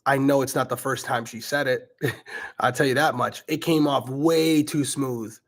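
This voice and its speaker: A middle-aged man with a noticeable regional accent hosts a casual question-and-answer session and tells stories with lively energy. His voice sits at an ordinary middle pitch. He curses casually as he talks. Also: measured pace. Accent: regional accent, self-noted. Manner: animated storyteller who swears casually. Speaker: podcast host. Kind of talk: casual Q&A storytelling.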